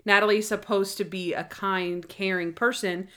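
A woman talking casually about a TV episode with a friend. She is animated, laughs often and slips into quoted lines. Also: medium pitch, moderate pace. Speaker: podcast co-host. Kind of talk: casual chat reviewing a TV episode.

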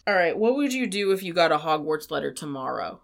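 Low, blunt woman cohost. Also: very animated, a little fast, vocal fry. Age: 30s. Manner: blunt, wry and profane. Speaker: podcast cohost. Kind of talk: casual chat.

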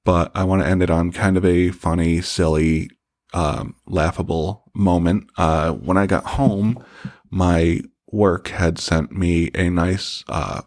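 A middle-aged man with a very low voice hosts his own podcast and tells a personal story casually. He is candid and joking and swears freely. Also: takes it slowly, darkish tone. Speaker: podcast host.

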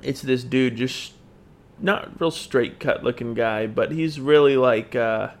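A podcast co-host spins a crude anecdote with a gravelly, fry-laced voice. He talks in an animated, slangy, profane way at an ordinary pitch for a man. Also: takes it slowly. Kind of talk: casual storytelling chat.

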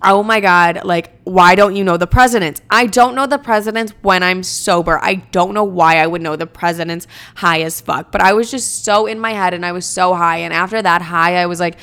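A young woman with a smooth, resonant voice tells a story to camera in a casual, chatty way. She is animated and self-mocking, and she swears freely as she talks. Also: on the low side, brisk, few pauses. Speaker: vlogger.

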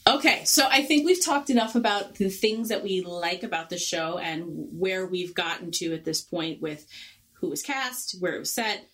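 A woman from Long Island with a Long Island New York accent, co-hosting a podcast in animated casual chat. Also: on the low side, moderate pace. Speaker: podcast co-host.

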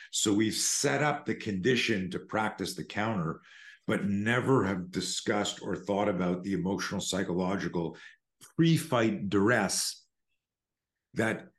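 A man's voice: fairly low pitch, a little slow, roomy sound. An older man, a self-defense instructor, telling a story in an interview and acting out the quotes. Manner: animated storyteller, acts out quotes.

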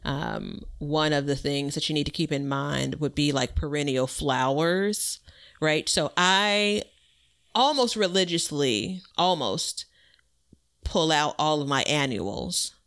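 A woman's voice: deep voice, takes it slowly, fairly bright tone. A woman hosting a gardening podcast, chatty and laughing often as she explains tips. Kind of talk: casual chat.

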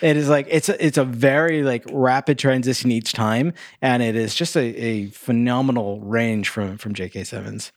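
Mid-pitched man halting through a recap. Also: steady tone, no room sound, clean studio sound. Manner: halting, many fillers and restarts while recapping. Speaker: podcast co-host. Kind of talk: casual movie review chat.

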